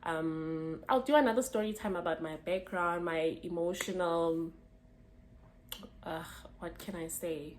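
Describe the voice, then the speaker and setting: A woman's voice: lowish voice, measured pace, a little hiss or hum. A young South African woman telling a personal story to camera in a chatty, slangy way, laughing as she goes. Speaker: vlogger. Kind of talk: casual storytime.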